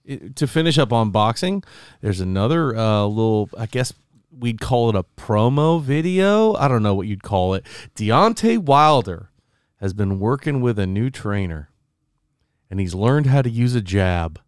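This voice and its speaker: A man's voice: lowish voice, very animated, measured pace, clean tone, dry recording, clean studio sound. A man co-hosting a casual sports podcast, joking around and slipping into goofy impressions. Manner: jokey, does goofy voices of people. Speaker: podcast co-host. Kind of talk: casual chat.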